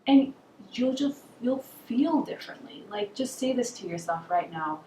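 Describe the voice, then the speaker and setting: A woman's voice: a little high, lively intonation, normal speed, mellow. A woman giving an earnest, encouraging self-help talk to camera, asking her listeners questions. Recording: roomy echo, mic set far off, faint hiss.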